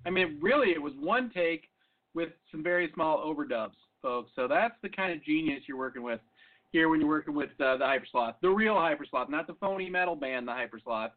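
Rambling, self-mocking high-voiced male host. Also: expressive, a little fast. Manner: rambling, self-mocking, loud hype bursts. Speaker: comedy podcast host. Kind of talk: comic monologue. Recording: phone-like lo-fi audio.

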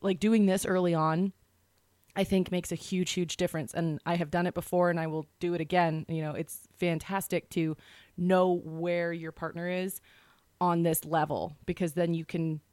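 Lowish-voiced woman podcast co-host. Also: flat delivery, normal speed, a little mellow, dry recording. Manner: chatty, rambling, with restarts. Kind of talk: casual chat.

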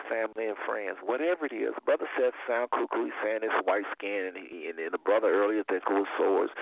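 A man's voice: lowish voice, vocal fry, dry recording. Man, call-in Bible study host, emphatic and repetitive, dry tinny phone sound. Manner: emphatic, repeats key phrases, stumbles and restarts. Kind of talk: preaching Bible teaching over a phone line. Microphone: phone line.

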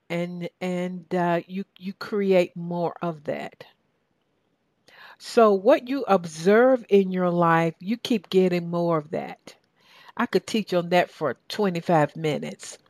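A woman with a Southern US accent delivers a sermon at an unhurried, deliberate pace. Her voice sits slightly low, and she drives points home by repeating phrases and putting questions to her listeners. The sound is dry and close, with little room echo. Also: darkish tone. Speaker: preacher.

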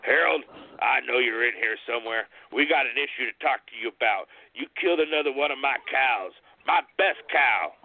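A man voicing a gruff, angry farmer in a spoken ghost story, over a tinny phone-like line. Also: on the low side, flat delivery, moderate pace, dry recording.

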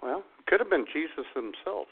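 A male co-host chimes in with quick reactions and laughter in casual chat. His husky voice sits a little high and swings widely in pitch. The sound is narrow, like a phone call. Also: sing-song. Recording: phone-quality audio.

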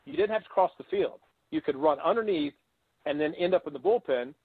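A man's voice: a little high, animated, a little fast, slightly rough, no echo. An older man, a former ballplayer and guest on an interview show, telling long anecdotes and acting out the people he quotes. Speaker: guest, former baseball catcher. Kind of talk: storytelling interview. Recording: tinny phone-like line.

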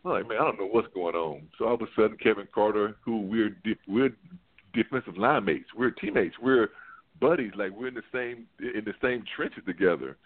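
A low-voiced man tells a loose, winding story, tripping over restarts and leaning on "like" as he goes. He comes through a thin, tinny phone line. He sounds like a former player swapping stories as a sports-show guest. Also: a little fast. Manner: rambling, animated anecdote full of "like" and restarts.

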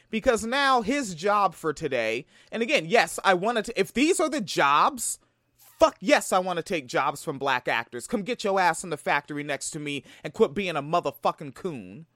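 Heated commentary man, high lively voice, dry close mic, blunt and sarcastic. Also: dry recording. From Tacoma, Washington. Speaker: commentary vlogger reacting to a sketch. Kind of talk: profane reaction commentary.

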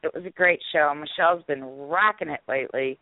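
A man's voice: a little high, fairly quick, dry recording. A man co-hosting a casual chat show, easygoing and chatty, laughing often. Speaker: show co-host. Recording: tinny phone line, dry.

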